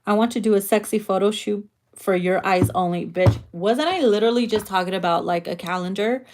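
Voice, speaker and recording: Casting note: woman tarot reader, playful and bawdy, quick slangy asides, mid-pitched voice. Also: darkish tone, a little hiss or hum. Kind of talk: casual tarot reading monologue.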